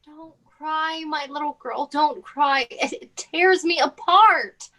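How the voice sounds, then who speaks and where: A woman acting a gentle, caring older sister who speaks in a soft, motherly and soothing way in a stage drama. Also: on the high side, animated, slow. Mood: consoling.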